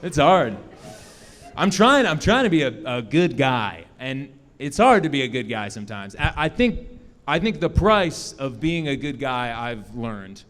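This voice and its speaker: A young man doing a stand-up set on a club stage, self-mocking, acting out both sides of his conversations in quick asides. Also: medium pitch, very animated, fairly bright tone. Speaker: stand-up comedian. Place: comedy club stage with live audience.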